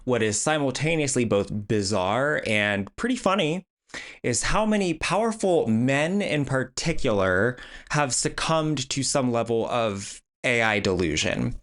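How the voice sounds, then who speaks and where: A man's voice: mid-range voice, expressive, unhurried, fairly bright tone. Sarcastic male commentary host. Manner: sarcastic, blunt, mocking. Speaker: video essay host. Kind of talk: commentary vlog.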